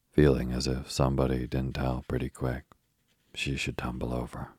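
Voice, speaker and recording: A man with an extremely deep, husky voice reads a bedtime story slowly and softly. His delivery stays almost level, with very little rise or fall in pitch. The recording is close and dry. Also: dry recording. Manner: slow, soft and steady, for falling asleep. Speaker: narrator.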